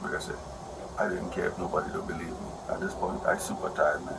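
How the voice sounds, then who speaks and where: Gravelly fast-talking aggrieved man. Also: low-pitched, level tone, heavy background noise. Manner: rambling, repetitive and aggrieved. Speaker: husband explaining a domestic dispute. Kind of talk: heated complaint to an officer. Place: indoors at a house.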